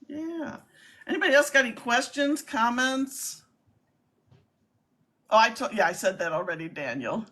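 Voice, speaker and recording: A woman's voice: fairly high pitch, lively intonation, normal speed, long pauses, pushed and bright. A woman co-hosting a casual live-stream chat, talking in a chatty, emphatic way.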